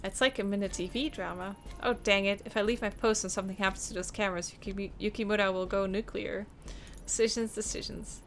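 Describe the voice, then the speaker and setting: A woman voicing an excited young woman at a police front desk, reading game dialogue aloud. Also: mid-range voice, brisk, few pauses, soft background music, close to an everyday voice. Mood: giddy. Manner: excited, gushing.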